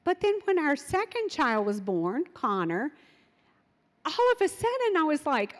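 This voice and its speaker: A middle-aged woman telling parenting stories in an animated way, acting out what her children said. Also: sits high, unhurried, long reverb tail. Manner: animated, acts out quotes of her kids. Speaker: speaker sharing parenting stories. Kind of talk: storytelling talk.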